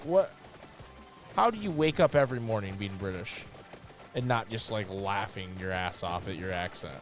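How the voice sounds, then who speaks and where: A man in the middle of his own pitch range talks through a game run, rambling from topic to topic and cursing freely. He jumps into sudden, high, excited yelps when things go right or wrong. Faint game music plays underneath him. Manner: excitable, swears freely, bursts into loud yelps; rambling, jokey asides. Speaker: gaming channel host. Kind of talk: playthrough commentary.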